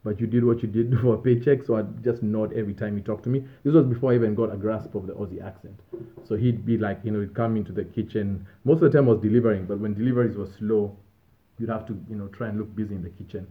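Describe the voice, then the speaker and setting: Brief: male vlogger, lowish voice, rambling self-amused storytelling, tinny phone-like recording. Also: fairly even intonation, fast. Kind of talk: casual storytelling.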